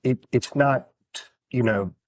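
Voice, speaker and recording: A middle-aged businessman as a podcast guest, talking in a relaxed, halting way. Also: mid-range voice, dry recording. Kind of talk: casual interview chat.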